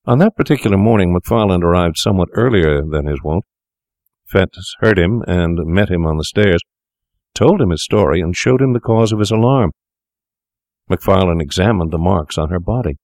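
A man narrating a classic tale in a measured, formal storytelling manner. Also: low-pitched, animated, a little mellow, no room sound, studio quality. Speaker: audiobook narrator. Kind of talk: scripted narration.

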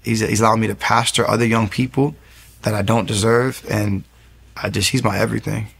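Low gravelly guy telling his story earnest, keeps restarting lines. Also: fairly even intonation, fairly quick, a bit bright. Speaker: interview guest; young pastor. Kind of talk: testimony interview.

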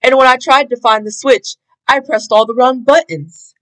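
A woman's voice: sits high, fairly even intonation, moderate pace, a bit bright, rough recording. A woman voicing a flustered, sheepish middle-aged male security guard in a storybook read-aloud. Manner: sheepish, apologetic.

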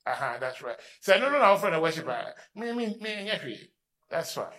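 Ghanaian pastor explaining worship. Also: male voice, high-pitched, very animated, moderate pace, fairly bright tone. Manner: switches between Twi and English, emphatic. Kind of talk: teaching talk on worship.

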